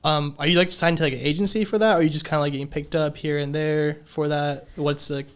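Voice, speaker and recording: A young adult podcast host who asks loose, rambling questions and fills pauses with "um" and "like.". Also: medium pitch, fairly even intonation, clear, resonant tone. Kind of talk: casual interview chat.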